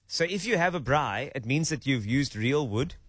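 A man's voice: mid-range voice, expressive, moderate pace, fairly bright tone, breathy edge, no room sound, studio quality. A young adult man with a South African accent, hosting a radio breakfast show in casual banter, often putting on a playful, mock-official tone.

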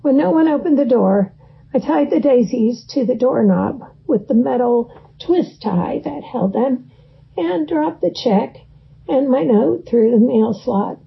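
Woman narrator, slow gravelly delivery, wry first-person memoir read, muffled lo-fi sound. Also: high-pitched, animated. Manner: wry, dry storytelling. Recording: dull lo-fi recording.

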